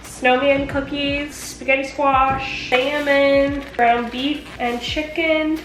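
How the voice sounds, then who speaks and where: High-pitched chatty woman vlogger. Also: little pitch movement, slow. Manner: chatty and upbeat, lots of fillers. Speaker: lifestyle vlogger. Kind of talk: casual vlog chat.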